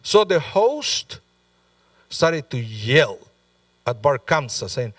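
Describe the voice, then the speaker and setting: A man's voice: medium pitch, sing-song, takes it slowly, long pauses, no room sound, distant mic. A male rabbi delivering a sermon in a conversational, storytelling way, with frequent asides to the congregation. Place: synagogue sanctuary.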